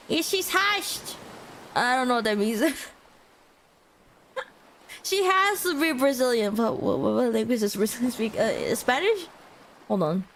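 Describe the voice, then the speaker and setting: Giggly high-voiced woman streamer. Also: big pitch swings, fairly bright tone, a little hiss or hum. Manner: giggly, playful, laughs often; drawn-out, hesitant with many fillers. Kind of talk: casual chat livestream.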